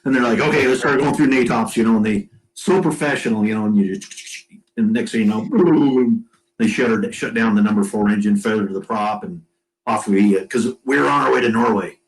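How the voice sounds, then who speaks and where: A man guest on a casual podcast, telling a lively flight story and acting out the crew's dialogue. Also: on the low side, fairly quick, vocal fry, low-quality recording. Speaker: guest, former Marine aircrewman.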